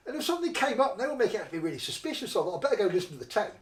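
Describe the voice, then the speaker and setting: Animated fast-talking man, echoey room. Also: high voice, recorded from a distance. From North East England. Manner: animated, acts out quoted voices. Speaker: guest. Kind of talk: conversational storytelling. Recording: roomy echo, somewhat off-mic.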